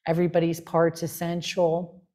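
A woman's voice: on the low side, completely flat delivery, normal speed, mellow. A woman sharing her spiritual story in an earnest, rapt way, with many fillers. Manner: earnest and rapt, with frequent "like" and "you know" fillers. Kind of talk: heartfelt conversational sharing.

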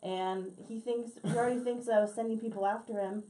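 Young woman, podcast co-host, sarcastic, swears a lot, mellow voice. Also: fairly high pitch, steady tone, fairly quick, far from the mic, a little hiss or hum, rough recording. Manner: profane storytelling, sarcastic. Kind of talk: casual chat.

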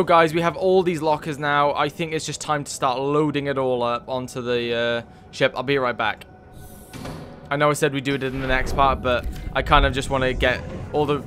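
A man's voice: mid-range voice, a bit bright. Chatty man thinking aloud while gaming. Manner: chatty, thinks aloud with many fillers, swears when moved. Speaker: let's play gamer. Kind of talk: casual gameplay commentary.

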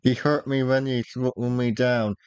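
A man's voice: mid-range voice, level tone, a little slow, darkish tone, smooth, no room sound, lo-fi sound, close to an everyday voice. A man voicing a tearful young boy companion in a storybook reading, speaking in a plaintive, reproachful way.

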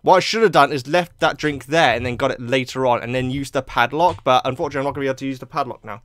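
A man giving excitable, chatty let's play commentary, joking and laughing often. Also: mid-range voice, racing, no echo, clean studio sound. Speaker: YouTube gamer.

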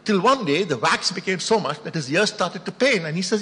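A pastor preaching in a story-driven way, returning to his phrases again and again to drive them home. His voice sits fairly high for a man. A long hall reverb trails each line. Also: expressive, brisk, fairly bright tone, breathy edge. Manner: storytelling, repeats phrases for emphasis. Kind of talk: sermon.

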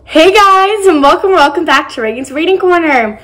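A young woman reading a children's picture book aloud, lively, with excited exclamations for the characters. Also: very high-pitched, normal speed, roomy sound, rough recording. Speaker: storybook reader.

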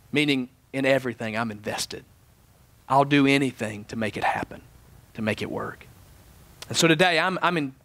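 A man preaching a sermon as pastor, animated in his stories and dropping soft and low for prayer. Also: dry recording. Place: church sanctuary.

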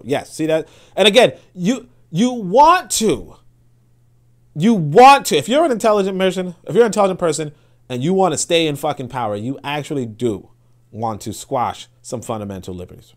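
A man reads an article aloud and breaks off into heated, profane commentary. He talks emphatically, restarting and repeating phrases as he pushes his point, and his voice sits somewhat high for a man. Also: animated, a little fast. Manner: impassioned, profane, repeats himself often. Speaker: political commentator. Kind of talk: livestream commentary reading and reacting to an article.

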